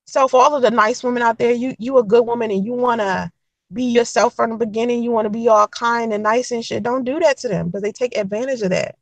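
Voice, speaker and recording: A young woman telling a dating story to camera in a blunt, profane, animated way, acting out the quotes. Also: fairly high pitch, dry recording, rough recording. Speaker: vlogger giving dating advice.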